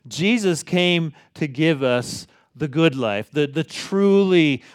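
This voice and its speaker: A middle-aged pastor, preaching a sermon in a conversational, folksy way. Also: male voice, a little high, animated, takes it slowly, no echo, studio quality.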